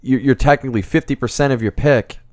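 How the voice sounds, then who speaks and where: A man's voice: mid-range voice, fast talker, darkish tone, no echo. A man co-hosting a casual podcast from a home studio, trading easygoing, jokey banter. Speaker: podcast co-host.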